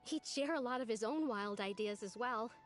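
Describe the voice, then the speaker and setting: An actress voicing a gentle young woman in a game who misses a dear friend, speaking softly and sincerely. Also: a little high, normal speed, soft background music, lightly acted. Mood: wistful. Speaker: game character. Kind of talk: voiced game dialogue.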